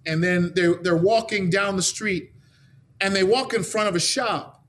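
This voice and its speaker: A man with a notably high voice delivers a sermon as a story, earnest and deliberate. He slows down to stress key phrases and builds toward fervent declarations of faith. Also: fairly bright tone. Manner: earnest, slowing for emphasis, rising into fervent declarations. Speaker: preacher.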